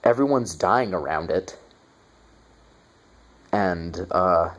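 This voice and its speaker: A man's voice: fairly low pitch, normal speed, long pauses, a little mellow. A young man giving a casual movie review, sarcastic and profane, with mocking asides.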